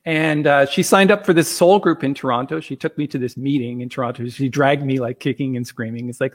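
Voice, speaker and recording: A man's voice: medium pitch, steady tone, brisk, few pauses. A man casually telling a personal story as a guest, rambling, with plenty of fillers and chuckles.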